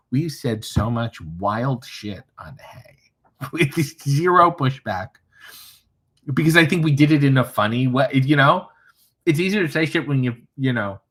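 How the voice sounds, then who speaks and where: Casting: male streamer, middle pitch, wry and profane, chatty live read of viewer comments from a hotel room. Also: a bit bright, breathy edge. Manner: wry, profane, joking asides while reading chat aloud. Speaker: livestream host. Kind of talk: casual livestream, reading chat comments.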